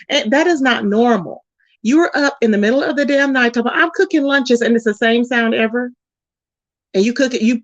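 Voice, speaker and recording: A woman with a fairly high voice rants in blunt commentary, scolding and repeating herself. She stretches key words slowly for emphasis. The audio is dull and lo-fi. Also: no room sound. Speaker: commentary channel host. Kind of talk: ranting commentary.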